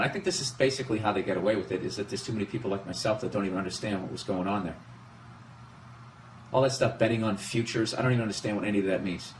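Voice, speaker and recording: A man's voice: medium pitch, a bit bright, slight background noise. Profane ranting middle-aged man. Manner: profane, exasperated, self-interrupting. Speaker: podcast host. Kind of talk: rambling comedic podcast rant.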